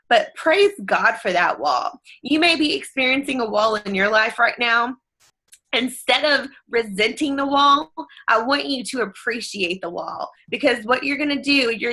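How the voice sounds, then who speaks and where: A woman in her thirties giving an earnest, energetic motivational talk, full of faith and speaking straight to her listeners. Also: sits high. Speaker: network marketing team leader.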